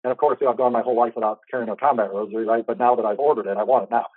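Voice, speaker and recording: A man's voice: mid-range voice, fairly even intonation, rapid-fire, no echo. A man hosting an interview, telling a personal faith story in an earnest, rambling way. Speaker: host. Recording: tinny phone-like line, dry.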